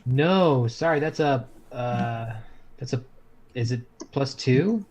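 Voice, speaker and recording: A man's voice: mid-range voice, lively intonation, takes it slowly, a little mellow. A man at a tabletop game, his voice in a plain middle range. He answers hesitantly, trailing off as he checks his character's rules. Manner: unsure, hesitant. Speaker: player. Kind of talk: casual tabletop game play.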